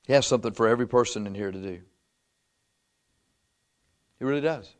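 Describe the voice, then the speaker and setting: A man's voice: medium pitch, fairly quick. A male pastor preaching a sermon in a conversational way. He chuckles often and reads scripture aloud.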